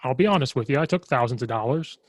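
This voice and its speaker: A man's voice: medium pitch, lively intonation, fast talker, no room sound. A man hosting a coaching podcast over a remote call, easygoing and joking. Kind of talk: casual podcast chat.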